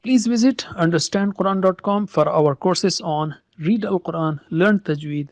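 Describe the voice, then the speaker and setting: A Quran recitation teacher giving a lesson and drilling syllables slowly for pupils to repeat. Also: mid-range voice. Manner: slow, careful, stresses single syllables for pupils to copy.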